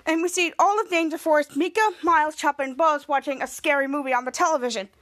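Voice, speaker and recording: A woman hosting a podcast, recapping a TV episode in a casual, excited way with many fillers and restarts. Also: sits high, fast. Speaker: podcast host.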